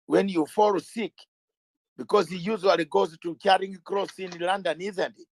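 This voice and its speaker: Fiery high-voiced man arguing. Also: steady tone, normal speed, no room sound. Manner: emphatic, rhetorical questions, repeats phrases. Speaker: lawyer interviewee. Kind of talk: impassioned interview talk.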